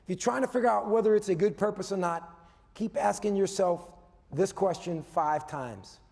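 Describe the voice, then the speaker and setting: A man giving a motivational keynote as a business coach, animated, swinging between loud emphasis and hushed asides, often tagging points with "okay?". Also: high voice, moderate pace, creaky. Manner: tags points with a questioning "okay?". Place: conference hall before a live audience. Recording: long reverb of a large hall.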